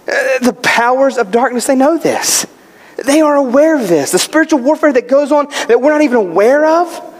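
A man's voice: very high voice, lively intonation, normal speed. A male pastor preaching a sermon, emphatic, posing questions and answering them himself. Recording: long hall reverb.

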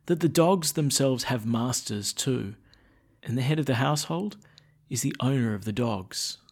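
Priest giving a chatty homily. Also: male voice, medium pitch, lively intonation, normal speed. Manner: conversational, with fillers.

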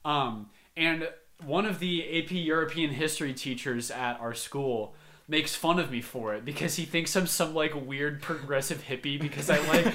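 A teenage boy co-hosting a casual podcast, telling stories with loud, animated acted-out quotes. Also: on the high side, moderate pace. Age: teens. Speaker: podcast co-host. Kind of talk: casual chat.

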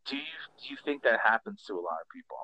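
A man's voice: lowish voice, very fast, dull audio. A man co-hosting a casual podcast chat, telling anecdotes with acted-out voices and free swearing. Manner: animated storyteller who acts out voices in anecdotes, swears freely. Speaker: podcast co-host, comedian.

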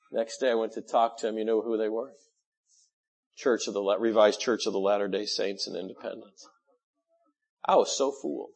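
A male pastor delivers a sermon in a gravelly, husky voice. He speaks animatedly and climbs to loud, emphatic peaks. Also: lowish voice. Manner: animated preaching with rising bursts of emphasis.

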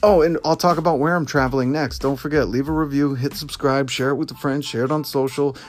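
A man hosts his own podcast in a loose, joking monologue, drifting from one aside to the next. His voice sits at an everyday middle pitch. Faint music plays under him. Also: steady tone, a little fast. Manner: rambling and jokey, with many fillers and asides. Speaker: podcast host. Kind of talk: casual solo podcast monologue.

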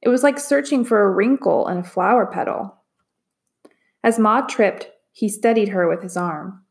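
A woman narrating a chapter book aloud in a measured, expressive reading. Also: medium pitch. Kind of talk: storybook read-aloud narration.

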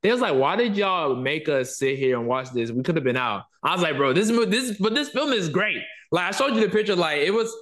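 A man's voice: a little high, brisk, few pauses. A man hosting a podcast, telling stories animatedly in casual conversation. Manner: animated storytelling, swearing. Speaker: podcast host.

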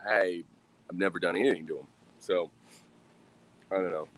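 A man's voice: low-pitched, fairly even intonation, moderate pace. A man in his thirties talking to himself in a loose, rambling monologue, swearing often and sighing while he drinks beer. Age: 30s. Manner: rambling, swears a lot, sighs.

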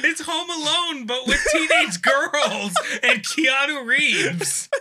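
A man co-hosting a casual comedy podcast with a very high, very bright voice. He talks playfully and enthusiastically, often laughing between his words. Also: lively intonation, slow. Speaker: podcast co-host. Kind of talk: casual chat.

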